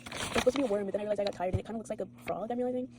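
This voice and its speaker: A woman's voice: mid-range voice, rapid-fire, heavy background noise. A teenage girl vlogging at home after an all-nighter, tired, swearing and rambling from topic to topic. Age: teens. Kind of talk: rambling late-night vlog.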